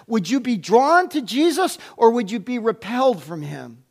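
Male pastor, high voice, lively swings in pitch, emphatic sermon delivery with playful teasing asides. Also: fairly quick, few pauses.

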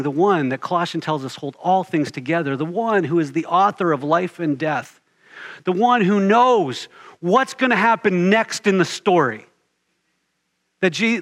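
A man delivering a sermon with an earnest, steadily building cadence. His speaking voice sits on the high side for a man, and he drives his points home by repeating short phrases. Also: a bit bright. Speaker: preacher.

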